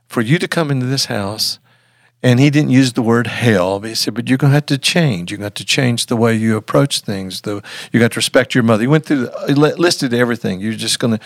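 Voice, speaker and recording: Older man, guest storyteller, earnest and halting, dry close studio sound, mid pitch. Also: no room sound. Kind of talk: storytelling in an interview.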